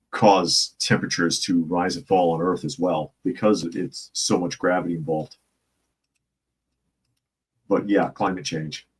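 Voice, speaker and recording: A man's voice: sits low, slightly rough, rough recording. A man hosting a casual opinion show on the news, sarcastic and improvising jokes while reading articles. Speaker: news commentary host.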